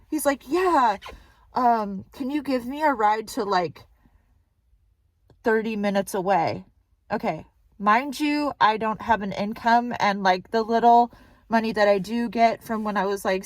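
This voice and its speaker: A young woman vlogger casually telling a story, chatty and excitable with lots of fillers. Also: on the high side, measured pace, no room sound.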